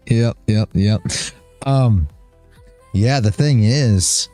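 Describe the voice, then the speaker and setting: A man's voice: mid-range voice, extremely slow, mellow, faint music behind. A tired man hosting a trading livestream, chatting casually, rambling and chuckling as he loses his train of thought. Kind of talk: casual chat.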